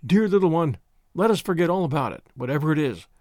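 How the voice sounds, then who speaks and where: A man voicing a soothing, fatherly suitor who speaks gently and a little haltingly. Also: on the high side, expressive, no room sound, studio quality, natural voice.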